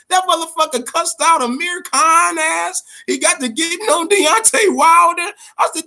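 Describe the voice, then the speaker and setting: A man hosting a boxing talk show, ranting in a profane, casual way, stammering and swinging between a low grumble and loud outbursts. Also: normal speed, few pauses. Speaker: boxing podcast host.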